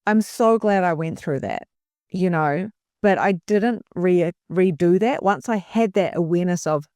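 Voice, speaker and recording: A woman's voice: on the low side, unhurried, dark tone, no echo. A middle-aged woman, a guest on a podcast, telling a personal story in an earnest, emotional way with frequent restarts. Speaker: podcast guest, spiritual mentor.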